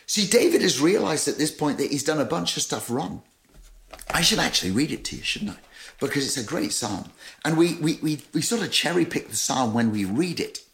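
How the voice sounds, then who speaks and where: A man preaching a sermon as pastor, reading scripture aloud with emphasis and retelling it in lively everyday words. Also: fairly high pitch.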